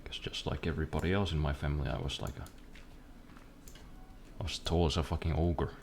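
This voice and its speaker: A man's voice: extremely low pitch, steady tone, a little fast, a little mellow, a little hiss or hum. A young man streaming a game, chatting casually in a rambling, profane, self-deprecating way at his computer desk. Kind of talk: casual chat while gaming.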